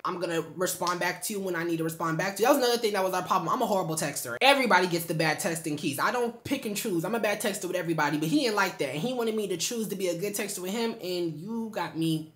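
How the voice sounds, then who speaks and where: A young woman tells a personal story to her followers at a quick clip, loose and slangy, talking straight to the camera. Her voice sits at an everyday middle pitch. She is recorded at home for a casual vlog. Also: slight background noise. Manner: animated, slangy, talks straight to viewers. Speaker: storytime vlogger.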